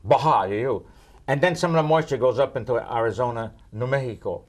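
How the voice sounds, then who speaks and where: A man's voice: medium pitch, a little fast. An older man from New York, a meteorologist answering viewer questions with teasing jokes. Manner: wisecracking, teasing, lively. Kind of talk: joking Q&A banter.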